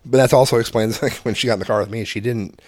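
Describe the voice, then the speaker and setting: A man's voice: mid-range voice, steady tone, quick pace, darkish tone, no room sound, clean studio sound. A man in his thirties chatting on a podcast, rambling and restarting his sentences with a chuckle. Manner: rambling, self-correcting, chuckling. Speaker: podcast co-host. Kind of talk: casual chat.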